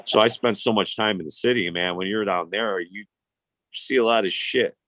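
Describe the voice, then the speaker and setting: Profane low-voiced man in his fifties. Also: normal speed, a bit bright, no echo. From Chicago. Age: 50s. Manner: profane, rambling, blunt. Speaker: podcast host. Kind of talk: casual storytelling chat.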